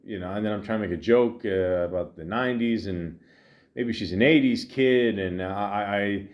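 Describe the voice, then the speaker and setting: A man's voice: lowish voice, moderate pace. Tired man rambling on a podcast. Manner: meandering, full of fillers and restarts, deadpan asides. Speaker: podcast host. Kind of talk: rambling comedic monologue.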